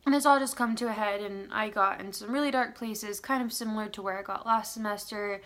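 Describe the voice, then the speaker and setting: A woman's voice: mid-range voice, steady tone, brisk, a bit bright. A woman in her twenties talking candidly in a casual confessional vlog at home, rambling with lots of "um" and "like" and tending to be self-critical. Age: 20s. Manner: rambling, full of "um" and "like". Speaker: vlogger.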